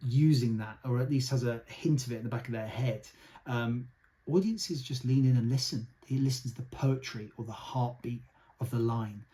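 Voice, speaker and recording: A young man, an actor by training, giving a thoughtful casual book review with many ums and uhs. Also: mid-range voice. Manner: thoughtful, soft-spoken, many fillers.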